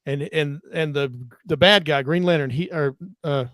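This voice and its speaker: A man's voice: fairly high pitch, normal speed, no room sound, studio quality. A man on a casual online panel, talking animatedly and groping for names as he goes. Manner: animated, acts out quotes, gropes for names. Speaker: ministry discussion panelist.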